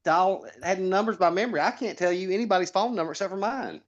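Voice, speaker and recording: A man talks fast and a little high, piling one story onto the next and stumbling over his own restarts. He laughs at his own punchlines. His voice comes through muffled and lo-fi. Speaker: political candidate guest. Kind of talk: casual podcast chat.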